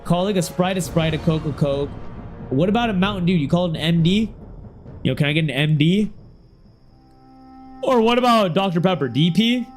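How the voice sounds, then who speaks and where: A young man streaming a game, chatting in a loose, slangy way and now and then bursting into sudden excited shouts. His voice sits a little high for a man. Faint music plays behind him. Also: moderate pace, pauses often. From Ohio. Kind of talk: casual game stream chat.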